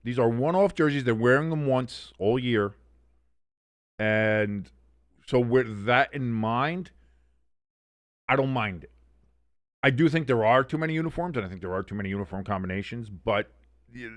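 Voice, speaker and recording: A man's voice: mid-range voice, expressive, moderate pace, long pauses, no echo. Guy rambling thru a live game watch-along, swears a lot, pretty dry sound. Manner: rambling, profane, conversational. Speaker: watch-along streamer and host. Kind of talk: casual live game commentary.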